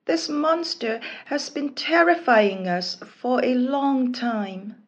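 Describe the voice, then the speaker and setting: A woman voicing a gentle young fairy princess in a storybook, soft, slow and a little higher. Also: muffled recording, full character voice. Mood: grateful.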